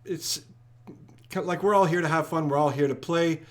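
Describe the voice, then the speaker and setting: A man hosting a live trivia stream, rattling off viewers' locations and shout-outs in an upbeat way. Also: fairly high pitch, normal speed. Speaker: trivia livestream host.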